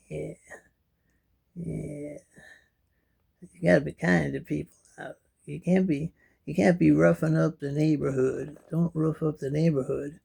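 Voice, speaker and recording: A middle-aged man with missing teeth and a deeply gravelly, rough-edged voice pitched a little high for a man. He rambles to camera from a kitchen chair in a loose home vlog, drifting between chatty asides and low mumbles. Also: level tone, a little slow, long pauses, mellow. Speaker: vlogger. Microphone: camera in front of him.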